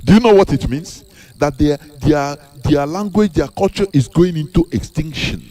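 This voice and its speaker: High-voiced preachy Nigerian man. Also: moderate pace, dark tone, soft background music. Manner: preachy, repeats rhetorical questions, emphatic. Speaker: activist speaker. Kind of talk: impassioned monologue.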